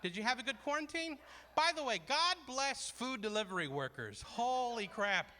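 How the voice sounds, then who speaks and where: A man's voice: extremely high pitch, animated, normal speed, pushed and bright, big-room sound, slight background noise. A man in his forties doing self-deprecating stand-up comedy at a charity fundraiser, rambling through asides. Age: 40s.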